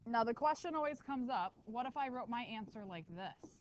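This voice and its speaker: A woman teaching a math class in a lively, conversational way, tossing quick asides to her students. Her voice sits somewhat high. The classroom recording is dull and lo-fi, with a faint hiss underneath. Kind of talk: classroom lecture.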